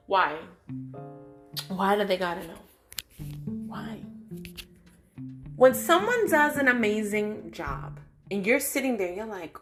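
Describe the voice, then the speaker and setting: Animated woman telling a story over guitar. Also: on the high side, normal speed. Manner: animated, acts out quoted voices, emphatic. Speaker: vlogger. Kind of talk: casual storytelling monologue. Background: guitar music.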